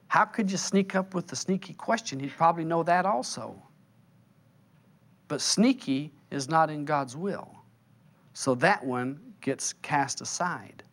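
A man teaching a spiritual seminar in a conversational, playful storytelling manner, slowing and drawing out words for emphasis. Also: on the high side, a bit bright. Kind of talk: seminar sermon.

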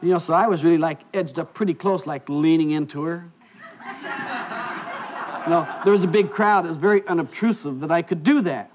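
Older man telling a story, fairly high voice. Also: brisk, a little mellow, slight background noise. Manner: anecdotal, acts out dialogue in quotes. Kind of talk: casual storytelling.

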